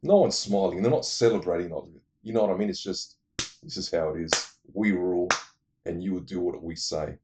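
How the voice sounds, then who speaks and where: A man casually retelling movie plots in an animated way, adding vocal sound effects. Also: sits low, brisk, very noisy. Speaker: movie reviewer.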